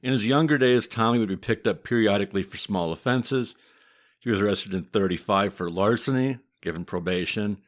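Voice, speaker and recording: A man with a Midwestern American accent hosting a podcast, telling history in a steady, matter-of-fact way with dry humor. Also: lowish voice, brisk. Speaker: podcast host, mafia historian. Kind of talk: casual podcast chat.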